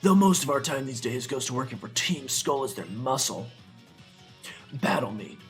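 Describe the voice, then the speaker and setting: Male gamer doing a brooding game rival: a cold, gruff, hushed teen boy, pitched well below his own voice. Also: sing-song, moderate pace, faint music behind, lightly acted. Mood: cold, scornful.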